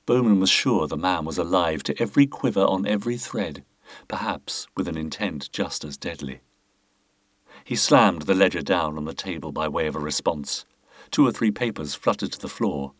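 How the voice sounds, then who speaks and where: Low-voiced male storyteller, lively delivery. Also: normal speed, dry recording, studio quality. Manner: expressive storytelling. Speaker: narrator. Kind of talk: scripted audiobook narration.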